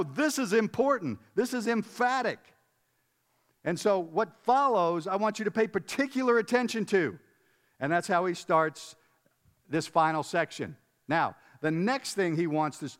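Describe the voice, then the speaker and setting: A man preaching a conversational sermon, emphatic, repeating words and putting questions to his listeners. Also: on the high side. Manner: emphatic, repeats words, chuckles, asks the audience. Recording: long reverb of a large hall.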